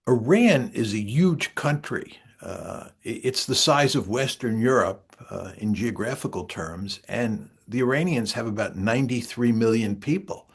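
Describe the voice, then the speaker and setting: Older man, husky voice, animated pitch, emphatic lecturing, interview guest. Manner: measured, emphatic lecturing with frequent "uh" fillers. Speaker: guest political scientist. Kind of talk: interview answers.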